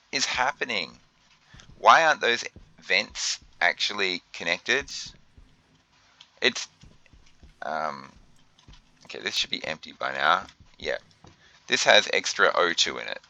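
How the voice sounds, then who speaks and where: This gaming video host is a young man with a low-pitched, sharp voice, captured in a rough recording. Doing let's play commentary, he thinks out loud as he plays, often getting flustered and filling his talk with fillers and restarts.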